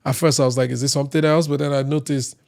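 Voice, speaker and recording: A man from Nigeria, a singer on a podcast, telling casual stories in a lively way and acting out other people's lines. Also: mid-range voice, fast talker, vocal fry. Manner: lively anecdote teller who acts out other people's lines. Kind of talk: casual storytelling chat.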